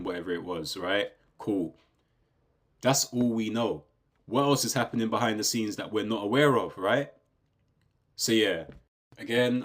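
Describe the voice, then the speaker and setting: Chatty British man ranting, lowish voice. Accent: British English. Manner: conversational, rhetorical questions, says "do you know what I mean" often. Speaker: YouTube commentator. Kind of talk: opinionated casual rant.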